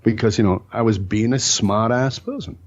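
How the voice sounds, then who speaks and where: A man's voice: fairly low pitch, normal speed, dull audio. Blunt, emphatic middle-aged man. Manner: emphatic, blunt, occasionally profane. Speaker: podcast guest. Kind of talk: storytelling in a podcast interview.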